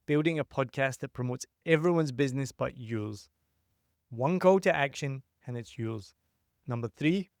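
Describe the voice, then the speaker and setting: A man talks straight to his listeners in a solo advice podcast, punchy and emphatic, never hedging his opinions. His voice sits at an ordinary middle pitch. The sound is dry, with no room echo. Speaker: podcast host and consultant.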